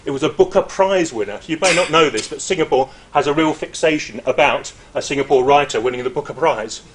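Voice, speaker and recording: This informal academic talk comes from a middle-aged university lecturer whose slightly high voice moves a little fast. He's animated and conversational, pausing to hesitate and slipping in asides.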